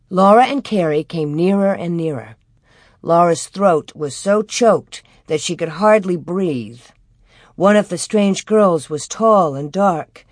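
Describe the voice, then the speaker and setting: A woman reading a children's story aloud as scripted narration, in a gentle storytelling manner, raising her pitch for the children's lines. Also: no room sound, clean studio sound. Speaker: audiobook reader.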